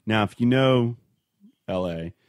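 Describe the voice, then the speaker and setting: A man co-hosting a podcast, telling a story in casual chat, rambling with halting restarts. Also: lowish voice, dry recording, studio quality. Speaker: podcast co-host.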